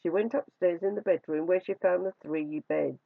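Reading a fairy tale with drawn-out, expressive delivery, the storyteller has a mid-range voice marked by vocal fry. There's no room sound, and the audio comes across dry and dull.

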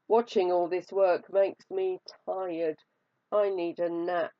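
Woman reading as a lazy, scheming male spider trickster in a storybook; slow, dry and slightly dull in sound. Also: little pitch movement, no echo. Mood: sly. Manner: chanting spells, turning squeaky and frantic when in trouble. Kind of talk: storybook read-aloud.

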